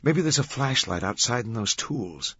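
A man's voice: fast, creaky, bright, forceful tone, breathy edge, no room sound, heavily acted. A man voicing a strong-willed young Italian woman scientist, talking in a raised, urgent voice. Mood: eager. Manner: urgent, higher put-on woman's voice. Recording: dull, dry studio sound.

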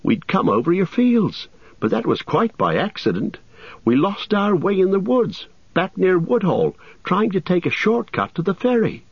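Bright young hobbit lad, brisk and friendly; male narrator voicing him, dry close sound. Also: high-pitched, sing-song, slightly rough, no echo, highs cut off, pitched above the performer's own voice, exaggerated voice. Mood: explaining.

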